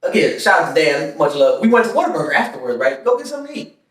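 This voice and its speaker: Male podcast host, high and lively, animated storyteller, roomy off-mic sound. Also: racing, distant mic. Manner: animated, laughing, acts out quotes in voices. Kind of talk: casual storytelling chat. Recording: echoey room, off-mic.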